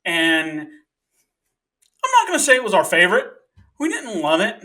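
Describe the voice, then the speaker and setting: A man's voice: sits high, measured pace. A young man co-hosting a podcast, telling jokey stories about his school days and poking fun at himself. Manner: animated storyteller, jokey, self-mocking. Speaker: podcast co-host. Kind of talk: casual chat, storytelling.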